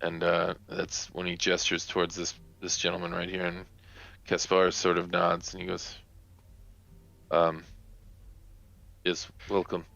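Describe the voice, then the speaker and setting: A man narrating as game master for a tabletop game, casual and halting, with many pauses and fillers. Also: deep voice, monotone, gravelly, bright, forceful tone, dull audio.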